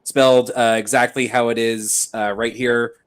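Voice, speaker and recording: A man's voice: mid-range voice, flat delivery, moderate pace. Man co-host, rambling, lots of ums, casual chat. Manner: rambling, full of fillers. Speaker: podcast co-host and streamer.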